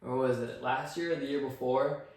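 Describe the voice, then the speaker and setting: A man's voice: medium pitch, steady tone, normal speed, darkish tone. A man co-hosting a casual podcast chat, ranting with constant swearing. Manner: profane, ranting, heavy swearing. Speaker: podcast co-host. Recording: echoey room, distant mic, faint noise.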